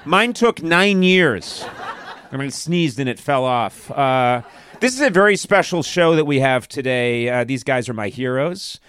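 A man's voice: medium pitch, expressive, a little slow, a bit bright, clean tone, no echo. A man in his sixties hosting a live comedy podcast, joking, riffing and poking fun at himself. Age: 60s. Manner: joking, self-mocking and riffing. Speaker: podcast host. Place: live show on a stage.

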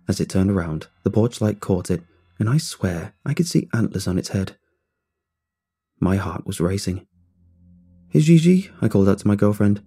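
A man narrating a first-person scary story in a calm, low-key way. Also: breathy edge.

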